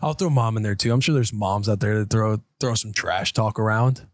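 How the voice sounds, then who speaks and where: Animated storytelling man, dry sound. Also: fairly low pitch, normal speed, dry recording. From United States. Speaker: podcast host. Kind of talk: casual chat.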